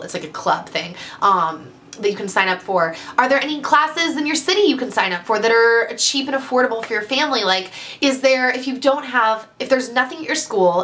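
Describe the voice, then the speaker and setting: A young woman talks straight to her viewers in a casual, heartfelt vlog. Her voice is bright and forward, and her speech is loose and gushing, full of little fillers as she urges them on. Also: a little high. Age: young adult. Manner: earnest and gushing, many fillers like "like" and "you know". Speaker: vlogger. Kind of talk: casual motivational talk to camera.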